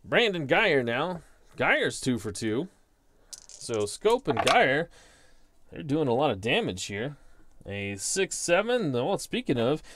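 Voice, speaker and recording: Unhurried man calling dice-game baseball. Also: fairly high pitch, sing-song, fairly bright tone, slight background noise. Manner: reads dice results aloud, then calls them like a broadcaster; self-deprecating asides. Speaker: host. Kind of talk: solo play-by-play of a tabletop baseball simulation.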